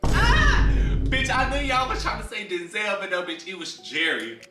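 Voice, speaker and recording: A man's voice: high-pitched, sing-song, normal speed. A young man telling a personal story in a casual storytime, sassy and dramatic, swearing freely. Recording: roomy, from a distance, faint music.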